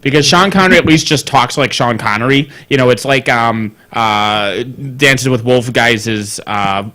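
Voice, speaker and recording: A man co-hosting a casual podcast, animated, swearing freely and laughing often as he talks. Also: medium pitch, measured pace. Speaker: podcast co-host. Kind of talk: casual chat. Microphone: studio mic on a live stream.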